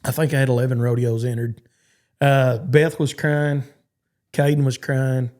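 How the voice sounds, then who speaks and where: A Texan cowboy in his forties is a guest on a podcast, telling rambling stories that keep stopping and restarting. His mid-range voice is unhurried and darkish in tone, with little pitch movement.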